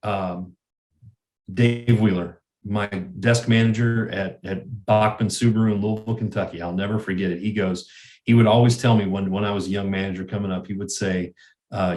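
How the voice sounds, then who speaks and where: An earnest man guesting on an interview who talks his ideas through, often repeating words as he gathers his thoughts. His voice sits fairly low, and the room gives it a noticeable echo. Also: fairly even intonation, moderate pace, darkish tone. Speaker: guest, sales manager. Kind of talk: interview conversation.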